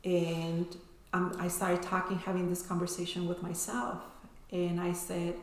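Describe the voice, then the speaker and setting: A woman's voice: fairly low pitch, completely flat delivery, unhurried. A woman telling her personal story as an interview guest, emotional and often ending sentences with "right?". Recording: echoey room.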